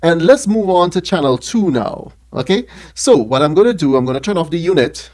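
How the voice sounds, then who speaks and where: A man's voice: a little high, animated, brisk, darkish tone. A man reviewing an audio mixer in a casual hands-on demo, talking into a studio mic run through the unit and checking in with the viewer after nearly every phrase. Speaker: product reviewer. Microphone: speaking into a studio mic run through the mixer being tested.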